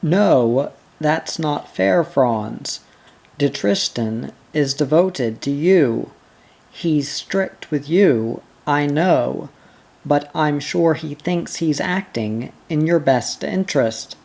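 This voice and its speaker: A reader voicing a young noblewoman who speaks in a gentle, coaxing and caring way. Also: low-pitched, animated, slow, vocal fry, full character voice.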